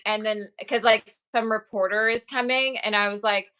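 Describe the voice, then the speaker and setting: A woman's voice: mid-range voice, fairly even intonation, normal speed, pushed and bright, clean tone, low-quality recording. A woman actress and author chatting in an interview, telling stories in an upbeat way with many fillers. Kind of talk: casual interview chat.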